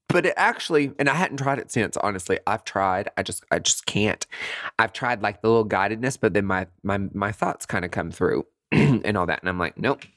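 A man talking casually to his listeners, acting out his own thoughts in quick jumps to high, dramatic voices. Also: a bit bright, dry recording, studio quality. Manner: swears freely, says "girl" and "honey". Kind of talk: casual monologue.

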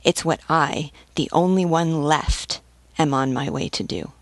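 A woman's voice: deep voice, a little slow, no room sound. A woman reading as a stern elderly nobleman who speaks serenely and persuasively. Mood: fervent. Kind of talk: audiobook reading.

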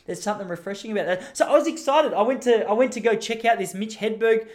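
A man's voice: high-pitched, quick pace. A young adult man with an Australian accent, hosting a podcast and telling a rambling story, often restarting his sentences. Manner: rambling, animated, self-interrupting with restarts. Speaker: podcast host. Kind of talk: casual storytelling monologue.

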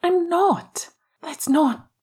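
A woman voicing a hotheaded teenage boy wizard in a fan fiction audiobook reading, sharp and heated. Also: very high voice, drawn-out words, voice pushed up, heavily acted. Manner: sharp, heated, rising to raised voice.

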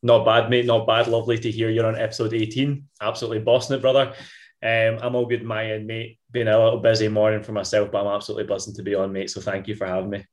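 A man's voice: lowish voice, little pitch movement, fast talker, darkish tone. A young Scottish man from Ayrshire, a fitness coach chatting upbeat and casual as a podcast guest. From Ayrshire, Scotland. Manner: chatty, upbeat, lots of mate and wee.

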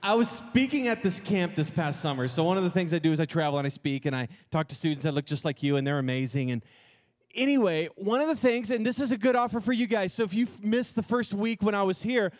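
A man with a notably high voice tells a comic story to a room of students, quick and animated, slipping in and out of the voices of the people in it. The sound is close and dry, with almost no room around it. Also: dry recording. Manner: animated, quick, acts out quoted dialogue. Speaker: youth camp speaker.

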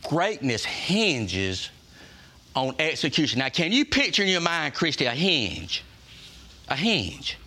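Folksy man, bright high voice. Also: very animated, normal speed. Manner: folksy, emphatic, repeats phrases and asks the room questions. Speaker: workplace leader giving a culture talk. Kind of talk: preacher-like motivational talk to staff.

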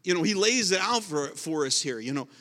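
A man's voice: sits high, expressive, a little fast, pushed and bright, in a large hall. A man preaching a sermon as pastor, emphatic and repetitive, often restarting his words.

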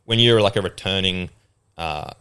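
A man's voice: sits low, moderate pace, fairly bright tone, clear, resonant tone. A young man chatting casually on a podcast, rambling with lots of fillers and restarts.

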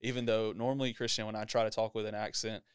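An upbeat man hosts a church podcast in an easy interview style, with a smooth, clear voice. The sound is dry and close, with no room echo. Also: fairly low pitch, little pitch movement, quick pace. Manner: upbeat, laughs often. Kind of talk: casual interview.

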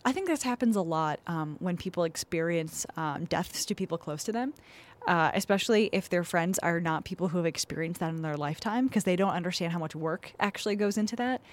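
A woman's voice: fairly low pitch, a little fast. A woman co-hosting an advice podcast in frank, chatty casual talk, laughing easily. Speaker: podcast co-host giving advice. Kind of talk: casual chat.

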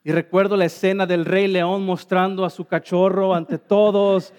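Fast-talking high-voiced preacher, man. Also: flat delivery, a little mellow, smooth. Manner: storytelling, self-deprecating humor. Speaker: pastor. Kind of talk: bilingual sermon with live interpretation.

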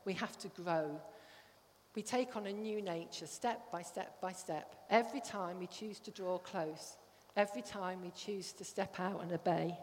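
A middle-aged woman giving a sermon, telling a personal story in an earnest way. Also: fairly low pitch. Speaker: church speaker. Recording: long hall reverb.

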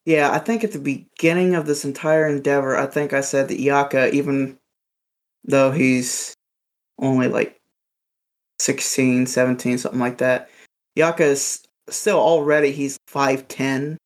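A man's voice: mid-range voice, steady tone, measured pace. Guy playing a tabletop rpg, earnest, talks in character. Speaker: player.

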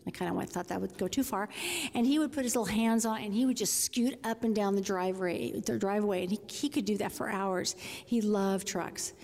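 A woman's voice: on the high side, gravelly, a little mellow. Lady giving a casual devotional talk, chatty, restarts a lot, echo of a big hall behind her. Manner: chatty storytelling, frequent restarts. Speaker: speaker. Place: large room before an audience. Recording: long reverb of a large hall.

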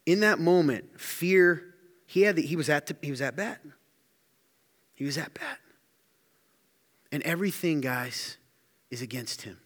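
A male pastor delivering a sermon in a large hall, his voice carrying a long reverb. He tells stories animatedly and slips into character for quoted lines. His voice sits a little higher than most men's. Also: moderate pace. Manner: animated storytelling, acts out quotes.

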